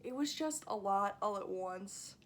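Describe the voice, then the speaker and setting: A young woman talking casually to camera in a book review vlog, animated and sarcastic, swearing often and breaking into laughter as she rants. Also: medium pitch, unhurried, a little hiss or hum. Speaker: book vlogger.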